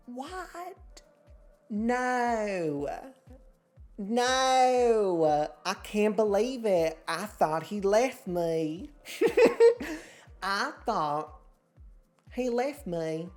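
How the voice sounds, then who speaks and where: A woman's voice: fairly high pitch, dark tone, pitched above the performer's own voice, exaggerated voice. A woman voicing a folksy woman who plays innocent about the bodies buried in her backyard, in a put-on twangy drawl. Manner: twangy drawl, mock-shocked.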